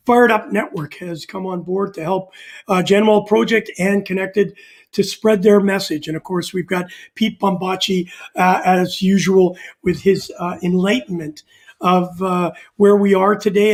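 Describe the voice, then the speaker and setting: A man with a high voice and a gravelly edge, co-hosting a casual talk show. He rambles along, padding his sentences with "uh". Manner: rambling, frequent "uh" fillers. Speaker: co-host.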